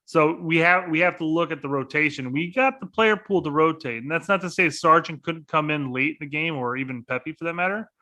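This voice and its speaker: A man co-hosting a casual soccer podcast, rambling and thinking aloud with plenty of restarts. His voice is bright and a little forceful. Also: on the high side, brisk, few pauses. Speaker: podcast co-host.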